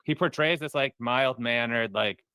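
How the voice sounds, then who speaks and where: Rambling bright-voiced man. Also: medium pitch, normal speed, smooth, no room sound. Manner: rambling, slangy, says "bro". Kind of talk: casual chat.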